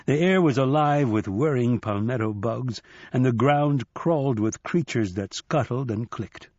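A man narrating an audiobook in a measured, even storytelling manner. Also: mid-range voice, no room sound. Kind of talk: scripted narration. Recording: slightly dull dry recording.

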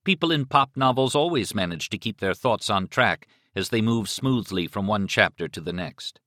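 A man narrating a novel as an audiobook in an expressive, dramatic reading style. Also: on the low side, moderate pace, no echo, clean studio sound. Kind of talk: scripted narration.

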